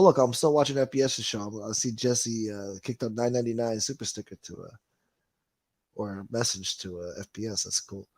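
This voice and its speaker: A man with a medium-pitched voice hosts a casual livestream, captured in a dry recording. He reads out viewer comments and rants with profanity and sarcasm.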